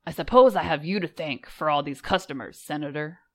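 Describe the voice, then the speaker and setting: A woman voicing a hulking, gruff male crime boss who speaks with a heavy accent. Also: low voice, a little fast. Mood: menacing.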